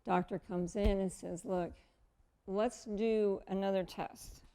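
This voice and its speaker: A woman in her fifties telling a personal story as a guest, animated and acting out the dialogue of the people in it. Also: mid-range voice, slow pace, clear, resonant tone. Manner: animated, acts out quoted dialogue.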